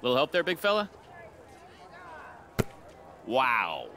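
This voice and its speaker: An actor playing a smooth-talking male carnival game barker who flatters passersby. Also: medium pitch, takes it slowly, background noise. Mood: flattering. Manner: flattering sales patter. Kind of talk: video game voice acting.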